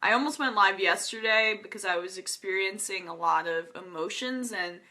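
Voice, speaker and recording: A woman's voice: mid-range voice, normal speed, pushed and bright. A young woman hosting a casual political live stream, talking earnestly and emotionally with many fillers and nervous laughs. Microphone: webcam or phone.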